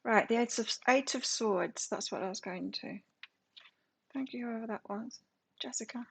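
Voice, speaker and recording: A woman's voice: a little high, moderate pace, vocal fry, slightly rough. A woman doing a live tarot reading, reading card meanings aloud and then musing on them in a casual way. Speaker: tarot reader.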